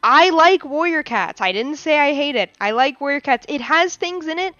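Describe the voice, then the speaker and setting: A twenty-year-old woman hosting a live chat, with a high voice and a playful, theatrical way of talking. She laughs often and slips into mock outrage. The sound is dry and a little dull. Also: expressive, normal speed, bright, forceful tone, dry recording, faint music behind. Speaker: podcast host. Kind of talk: casual live-stream chat.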